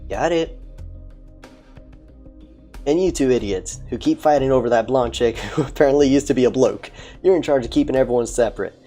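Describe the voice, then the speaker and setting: A woman voicing a crude, lazy male police commissioner, gruff and swearing, in a game playthrough. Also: a bass voice, fairly quick, long pauses, warm tone, soft background music. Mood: bossy.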